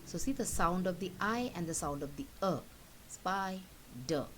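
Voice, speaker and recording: With a lowish, slightly bright voice and lively intonation, a woman teacher patiently pronounces each word twice, slowly, for listeners to imitate. The recorded lesson comes through as a rough recording with faint hiss.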